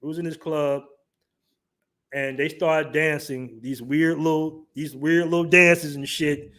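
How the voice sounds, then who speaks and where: A man hosts a casual livestream, reading chat comments aloud and laughing as he comments. His voice is on the high side and a bit bright, with a steady tone and an unhurried pace.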